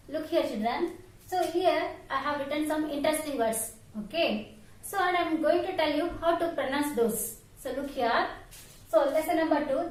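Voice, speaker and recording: A high-voiced woman leads a primary school lesson. She spells out words letter by letter and keeps checking in with the children. She is recorded in a very echoey room, standing far from the mic. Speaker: primary school English teacher. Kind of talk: online class lesson.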